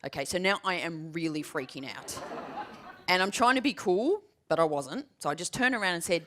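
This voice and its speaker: Lively, low-voiced woman giving a keynote. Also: brisk. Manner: lively, humorous storytelling with emphatic repetition. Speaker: keynote speaker. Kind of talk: keynote presentation. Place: large room with a live audience.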